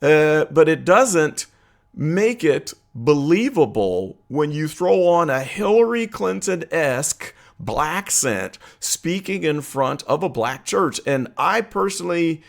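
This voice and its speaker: A man hosting his own political commentary vlog, talking earnestly and conversationally with frequent uh and um pauses. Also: on the high side, sing-song, vocal fry. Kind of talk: opinion vlog monologue.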